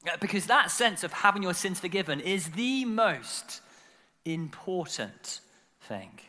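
Bright-voiced male preacher in a reverberant hall. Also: high voice, a little slow. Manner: animated storytelling with frequent filler and repeated words. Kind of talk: sermon. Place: church.

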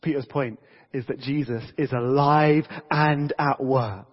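Energetic preacher in a church hall. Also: male voice, mid-range voice, unhurried, slightly rough. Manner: energetic, conversational, frequent restarts. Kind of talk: lively sermon. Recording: dull reverberant church audio.

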